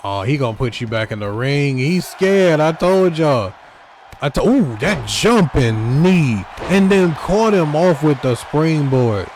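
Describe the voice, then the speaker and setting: A man calling a wrestling video game match in lively play-by-play. His voice sits a little high for a man, and he trash-talks the wrestlers directly. A faint noise runs underneath. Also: a little slow. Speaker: game commentator.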